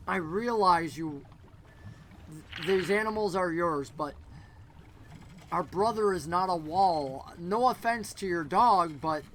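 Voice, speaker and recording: A man's voice: sits high, takes it slowly, long pauses, a bit bright, a little hiss or hum, poor audio. A man playing a doubtful, weary brother who dismisses his sister's magic. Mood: skeptical.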